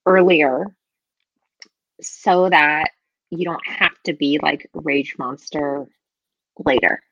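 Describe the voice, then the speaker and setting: A woman in her thirties talks casually as a podcast co-host, her voice sitting a little low. She is animated and quick to laugh, leaning on filler words as she goes. The sound is close and dry, with no room around it. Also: dry recording, muffled recording. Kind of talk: casual conversational chat.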